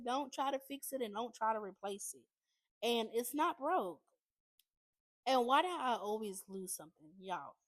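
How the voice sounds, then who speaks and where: A woman's voice: mid-range voice, dry recording. A woman beauty vlogger talking casually through a makeup tutorial, chatty and constantly addressing her viewers as y'all.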